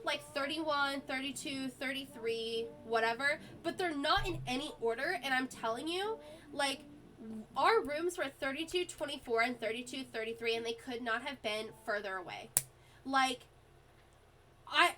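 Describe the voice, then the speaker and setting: High-pitched woman streamer rambling through a story, sick and coughing, lots of likes. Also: sharp tone. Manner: chatty and exasperated, lots of "like" fillers. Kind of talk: casual chat, storytelling.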